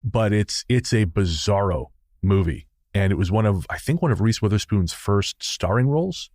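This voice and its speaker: A man's voice: lowish voice, expressive, normal speed, a little mellow, no room sound, studio quality. A Canadian man co-hosting a podcast, chatting casually, rambling with restarts and laughing often. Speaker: podcast co-host. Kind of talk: casual chat.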